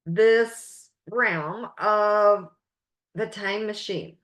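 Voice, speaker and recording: A woman life coach leading a webinar masterclass, speaking in slow, emphatic, drawn-out phrases. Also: mid-range voice, fairly bright tone, echoey room.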